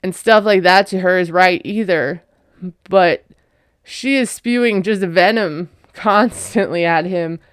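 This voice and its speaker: A woman with a smooth, clear voice recaps a reality show in a chatty, opinionated way. She laughs often while she talks, and the sound is close and dry. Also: on the low side, slow, no echo. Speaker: recap vlogger. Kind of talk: casual recap commentary.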